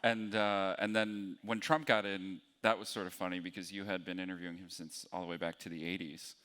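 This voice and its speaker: A man interviewing a guest on stage, asking brief, quick questions. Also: sits low, level tone, sharp tone. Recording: long hall reverb.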